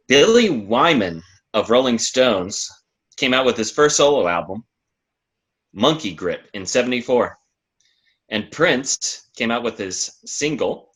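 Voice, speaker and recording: A man's voice: mid-range voice, fairly bright tone. A man co-hosting a casual podcast, telling odd history stories in a playful, giggly way. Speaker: podcast co-host.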